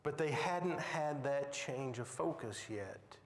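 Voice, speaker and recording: A man's voice: medium pitch, animated, slow pace, a little hiss or hum. A man teaching a Bible lesson with dramatic, emphatic storytelling, recorded in a church. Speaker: Sunday school teacher. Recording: echoey hall with long reverb.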